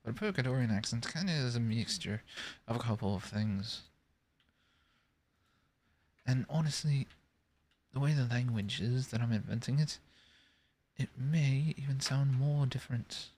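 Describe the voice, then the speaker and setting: A man's voice: mid-range voice, normal speed, pauses often, a little mellow. A man chatting casually to himself while playing a building game, rambling and talking through each step as he works. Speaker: gaming video creator. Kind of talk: casual gameplay commentary.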